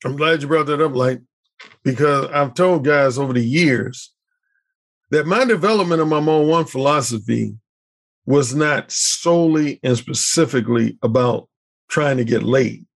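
In an unhurried, creaky, mid-range voice, a middle-aged male podcast guest spins vivid stories within the conversation. He performs the dialogue of the characters as he goes.

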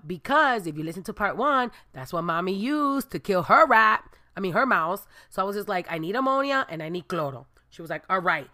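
A young adult woman from Brooklyn, New York, casually telling viewers a story and acting out the dialogue with lively voices. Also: medium pitch, fairly quick, few pauses. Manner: animated, acts out dialogue with voices. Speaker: storyteller vlogger.

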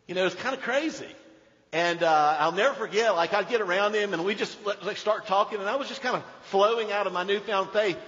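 A man preaching a sermon as pastor, animated, moving between loud emphasis and hushed storytelling. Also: sits high, brisk. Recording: dull sound in a reverberant hall.

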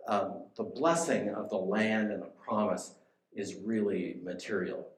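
Male preacher, lowish voice, chatty sermon delivery, roomy echo. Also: a little slow. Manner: conversational, asks the listeners questions.

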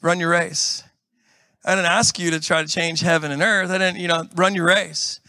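God figure, calm patient male deity, reassuring, voiced by a man in a sermon, bright tone, close and dry. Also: a little high, normal speed, no echo, pitched below the performer's own voice. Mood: calm, firm.

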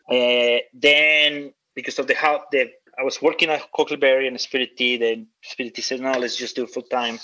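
A relaxed man chatting as an interview guest, rambling through stories in a casual, friendly way and calling people dude and man. His voice sits at an ordinary pitch. The sound is somewhat dull and lo-fi. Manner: loose, storytelling, says dude and man a lot. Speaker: guest, coffee roaster.

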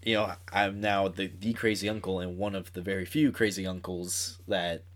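A man's voice: low voice, fairly even intonation, normal speed, a bit bright, slight background noise. A young man chatting as a podcast guest, rambling and self-mocking with lots of fillers. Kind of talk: casual chat.

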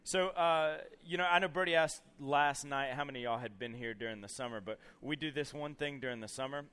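A man's voice: mid-range voice, a little fast, clean tone. A young man giving a storytelling sermon to a youth camp, acting out scenes with lots of casual fillers. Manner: animated storyteller acting out scenes, many "you know" fillers. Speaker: camp speaker.

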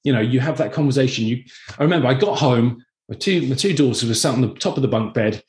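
A man, a filmmaker talking casually as a podcast guest, telling stories with lively energy. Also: medium pitch, fast talker. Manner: animated storyteller, acts out quoted voices. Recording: roomy echoey room.

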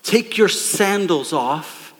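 A preacher doing a deep booming voice of God. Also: male voice, lively intonation, long reverb tail. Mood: solemn. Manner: slow, grave delivery.

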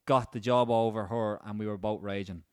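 A man's voice: lowish voice, steady tone, a little fast, a little mellow, clear, resonant tone, no echo, studio quality. A man in his thirties with an Irish accent, co-hosting a podcast, reading listener stories with easygoing quips. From Ireland. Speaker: podcast co-host. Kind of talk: casual chat.

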